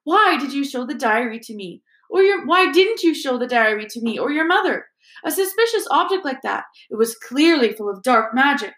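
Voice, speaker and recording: A woman's voice: very animated, moderate pace, a bit bright. A woman doing a flustered wizard dad. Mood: scolding. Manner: stammering, high and agitated. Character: stunned, anxious wizard father. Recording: roomy echo.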